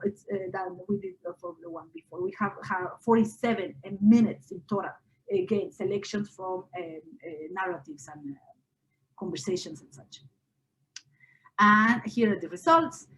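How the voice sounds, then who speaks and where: A woman linguist presenting research in an academic conference lecture, explaining step by step with frequent filler pauses. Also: a little high, a bit bright, low-quality recording.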